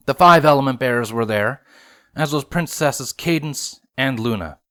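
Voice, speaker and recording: A man narrating a fan story aloud in a steady, expressive reading. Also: medium pitch, normal speed. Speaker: reader, narrator. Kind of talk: fanfiction audiobook reading.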